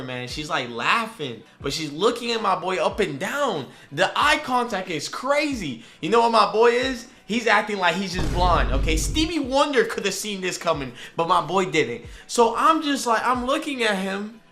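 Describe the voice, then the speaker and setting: A young man vlogger telling a casual, slangy story that turns animated and high-pitched when he gets excited. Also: normal speed, few pauses.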